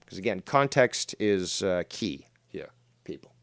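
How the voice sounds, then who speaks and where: A man's voice: sits low, lively intonation, a little slow, vocal fry, no room sound. A man hosting a livestream drama commentary show, talking in a profane, mocking, rambling way. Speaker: host.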